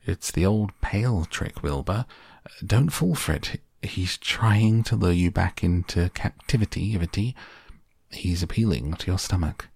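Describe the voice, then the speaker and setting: Storybook goose: bossy, shrill, urgent, put on by a gravelly-voiced man. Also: lively intonation, unhurried, a little mellow, dry recording, studio quality, heavily acted. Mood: scolding. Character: bossy loud farmyard goose.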